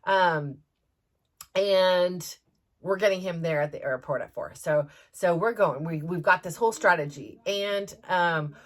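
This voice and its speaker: A middle-aged woman, a mother and podcast host, telling a story in a casual, animated, rambling way with lots of fillers and restarts. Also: fairly low pitch, measured pace.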